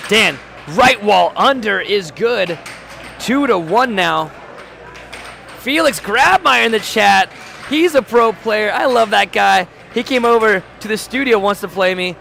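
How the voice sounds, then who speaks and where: A man with a high, gravelly voice calls the action of a live-streamed match. He fires off short play calls and reads viewer messages aloud, joking as he goes. Steady noise sits under his voice. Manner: rapid play-calling, reads chat aloud, jokey. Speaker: play-by-play commentator. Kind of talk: live-stream sports commentary. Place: home studio.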